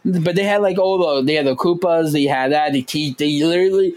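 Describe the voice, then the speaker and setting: Animated man chatting about games. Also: fairly quick, poor audio. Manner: animated, jumps into high voices when quoting. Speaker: podcast co-host. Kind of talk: casual chat.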